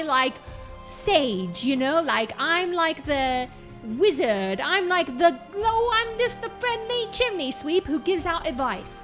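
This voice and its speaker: A woman playing a loud, bossy chimney-sweep motivational speaker with a put-on Cockney accent, in an improv comedy bit. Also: very high voice, full character voice. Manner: shouty, bossy, mock-inspirational.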